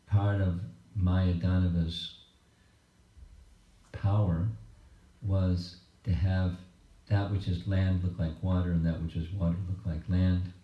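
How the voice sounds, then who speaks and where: Slow, deep-voiced man retelling scripture. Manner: slow, measured, halting phrasing. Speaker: monk giving a scripture class. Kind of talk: scripture class storytelling. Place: home program room. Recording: dull, roomy recording from a distance.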